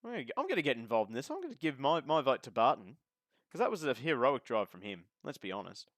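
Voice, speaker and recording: A man's voice: mid-range voice, big pitch swings, fast, fairly bright tone, no echo, studio quality. A man giving casual live sim racing commentary as host of the stream, chatty and joking with the viewers. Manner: chatty, joking, talks to chat.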